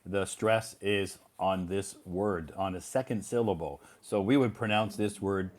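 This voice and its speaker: A man teaching English on a live lesson, calm and careful as he explains. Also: low voice, unhurried.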